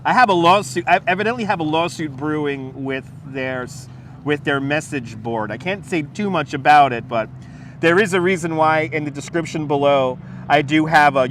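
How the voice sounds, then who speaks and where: A man walks and talks on a livestream, his voice a little higher than most. He rambles, laughs easily and swears as he answers chat. A lapel mic picks him up over faint street traffic. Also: fairly bright tone. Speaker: livestream host. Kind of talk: casual live-stream chat while walking. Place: outdoors on a city waterfront. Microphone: wireless lapel mic.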